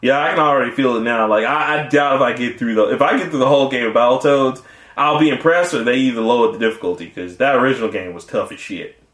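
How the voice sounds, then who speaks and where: A man co-hosting a casual podcast chat, animated and laughing often, acting out quotes in funny voices. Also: medium pitch, quick pace, roomy sound. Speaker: podcast co-host.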